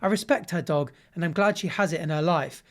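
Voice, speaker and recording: A man hosting a comedy show, reading online posts aloud and reacting with animated, sarcastic commentary. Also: a little high, brisk.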